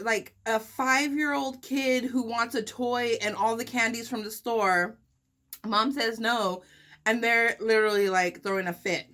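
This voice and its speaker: A sassy woman vlogger tells a story in a casual, chatty way between bites. She sits a little high in her voice and keeps up a stream of filler words and quick comebacks. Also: fairly bright tone. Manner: chatty, sassy storyteller full of "like" and "girl, bye". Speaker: mukbang vlogger. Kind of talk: casual storytime while eating.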